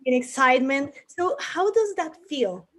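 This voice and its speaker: A woman's voice: high-pitched, very animated, normal speed. A woman hosting an interview, enthusiastic and admiring, often stumbling over her words with fillers. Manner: enthusiastic, hesitant with many fillers. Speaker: interview host. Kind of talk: casual interview.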